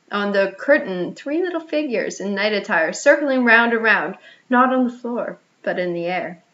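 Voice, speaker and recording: A woman narrating a children's storybook in an expressive reading voice, with small restarts. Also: medium pitch. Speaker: audiobook reader. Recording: slightly muffled lo-fi audio.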